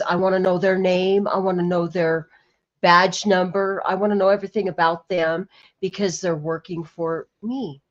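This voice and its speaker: Woman co-host sounding off firmly, keeps agreeing, kinda muffled lo-fi sound. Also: mid-range voice. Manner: emphatic, agreeing, opinionated. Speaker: co-host reacting to police footage. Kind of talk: casual chat commentary. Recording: dull lo-fi audio.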